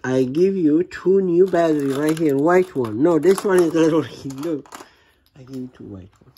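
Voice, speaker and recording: A man talking to his small daughter at home in a home vlog, patient and gently coaxing, in simple broken English. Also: fairly high pitch, normal speed, slight background noise. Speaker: father filming his young daughter. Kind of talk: casual home vlog talk to a child.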